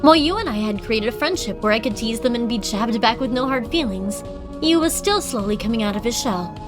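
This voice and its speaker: A woman streamer reading a visual novel aloud with expressive, dramatic delivery and casual asides. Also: a little high, fairly quick. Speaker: game streamer. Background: game background music.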